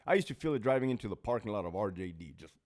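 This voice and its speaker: With a fairly low, slightly mellow voice, this talk show host, once a prison officer, talks very fast and animatedly. He curses freely through a casual storytelling monologue and reads off viewers' names.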